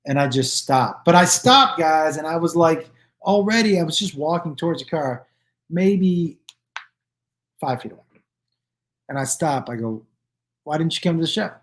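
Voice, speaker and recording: A man hosting his own live stream, telling stories casually to viewers and acting out the people in them with loose, profane, animated delivery. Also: fairly high pitch, moderate pace, pauses often. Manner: animated, acts out quoted dialogue with "I go" and "he goes"; loose and profane, with restarts and fillers.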